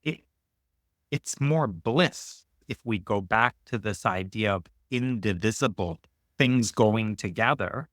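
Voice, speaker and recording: A man's voice: slow, a bit bright, no room sound, studio quality. A man hosting a reflective conversation, speaking thoughtfully and lifting his voice to stress key ideas. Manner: thoughtful, emphatic, rises in pitch to stress points. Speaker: podcast host.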